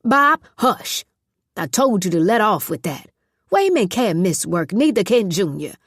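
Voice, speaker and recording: A woman voicing a fussy, bossy old woman past eighty in an audiobook, scolding loudly. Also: medium pitch, very animated, unhurried, husky, no echo, studio quality, heavily acted. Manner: loud, scolding, folksy Southern talk. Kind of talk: audiobook character voice.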